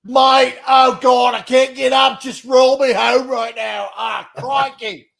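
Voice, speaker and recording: A man putting on a rowdy, bruised Australian rugby player, shouting and groaning in a comic Australian accent. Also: very high-pitched, flat delivery, takes it slowly, vocal fry, exaggerated voice. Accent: Australian put-on. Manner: loud, groaning comic bluster.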